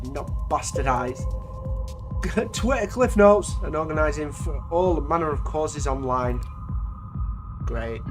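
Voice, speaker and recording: A man reading an interactive story aloud and breaking off for sweary, mocking asides. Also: on the high side. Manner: sweary, mocking asides between narrated lines.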